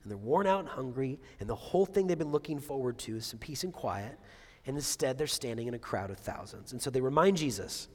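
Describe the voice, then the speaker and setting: A man's voice: medium pitch, animated, fairly quick, darkish tone. A male pastor preaching a conversational sermon, full of asides and rhetorical questions. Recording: long reverb of a large hall.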